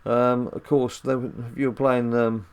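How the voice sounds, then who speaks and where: Chatty dad commentating a game. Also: male voice, medium pitch, little pitch movement, moderate pace, a little mellow, smooth. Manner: chatty, rambling, jokey, with filler ums. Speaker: dad gaming channel host. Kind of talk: casual let's-play commentary.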